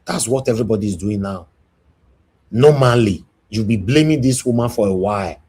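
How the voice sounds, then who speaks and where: A man with a Nigerian accent hosting a live stream, moderating a heated call and preaching peace, scolding and at times shouting. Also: lowish voice, normal speed, slightly rough.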